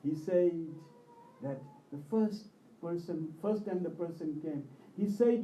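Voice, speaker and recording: A man delivers a religious sermon in an impassioned storytelling manner, his voice swelling and dropping with emotion. His voice sits high but has a mellow, dark tone. He is heard from a distance in an echoey hall. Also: measured pace. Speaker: preacher.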